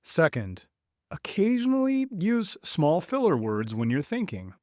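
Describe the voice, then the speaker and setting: Slow, lively-voiced man teaching English. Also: a little high, no echo, studio quality. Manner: slow, clear, deliberate delivery. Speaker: podcast host and English teacher. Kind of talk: scripted lesson for learners.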